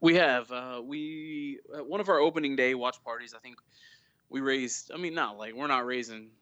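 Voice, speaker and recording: A man chatting as a guest on a fan podcast, telling lively anecdotes and acting out quotes. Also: mid-range voice, moderate pace, no echo, lo-fi sound. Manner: storytelling, animated retelling of quotes. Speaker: guest, fan club leader. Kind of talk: casual podcast chat.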